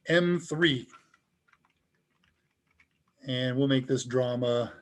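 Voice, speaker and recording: A man hosting a live tech Q&A, talking casually and chuckling as he demonstrates software. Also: medium pitch, drawn-out words. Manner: casual and upbeat, chuckles often. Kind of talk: live demo talk.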